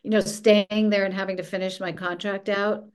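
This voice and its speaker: A woman's voice: mid-range voice, normal speed, clean tone. A woman, a former film executive, telling a story as a podcast guest and acting out the dialogue she quotes. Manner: lively, acts out quoted dialogue. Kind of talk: casual storytelling interview.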